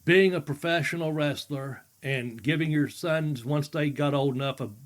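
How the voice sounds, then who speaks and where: A man's voice: a little high, moderate pace. A middle-aged man co-hosting a wrestling talk show, telling stories casually and laughing often as he acts out voices. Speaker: podcast co-host, former wrestler. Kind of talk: casual chat, storytelling.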